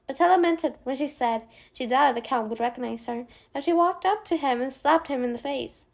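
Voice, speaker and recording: A woman reads a novel aloud with a high voice and a gravelly, fry-tinged edge. Her narration is expressive, with small slips as she reads. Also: brisk. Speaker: audiobook narrator. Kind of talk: scripted narration.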